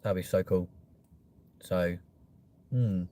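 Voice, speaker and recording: A man's voice: low voice, takes it slowly, warm tone. Sweary, rambling male streamer. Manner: sweary, jokey, chatty with viewers. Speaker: live-stream host. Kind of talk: rambling live-stream chat.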